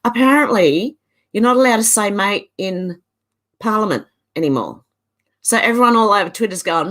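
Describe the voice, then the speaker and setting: An Australian woman hosts a casual livestream at a mid pitch. She chats freely, laughs often and drops in Aussie slang as she reads viewer comments aloud. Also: animated, normal speed, fairly bright tone. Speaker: livestream host.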